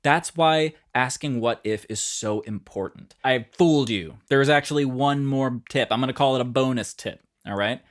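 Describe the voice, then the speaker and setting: A man's voice: medium pitch, normal speed, hardly any pauses. Upbeat man coaching songwriters. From New York. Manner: energetic, encouraging, talks directly to viewers. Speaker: music teacher. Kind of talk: unscripted video lesson.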